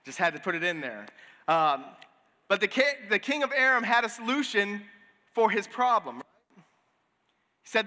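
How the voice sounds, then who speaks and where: A male pastor preaching a sermon, retelling a scripture story in a lively, casual way with relaxed asides. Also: on the high side, moderate pace. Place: church sanctuary. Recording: long hall reverb.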